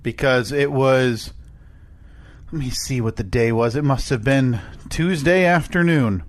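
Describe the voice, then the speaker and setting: A man's voice: mid-range voice, unhurried. A man co-hosting a casual comedy podcast, rambling through jokes and laughing often. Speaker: podcast co-host.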